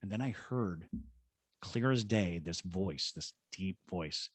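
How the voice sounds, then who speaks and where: A man's voice: deep voice, slow, breathy edge, no room sound. A middle-aged man from Georgia in the United States, a paranormal investigator, telling a story in a podcast interview and acting out the voices of the people in it. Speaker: guest, paranormal investigator and ghost tour guide.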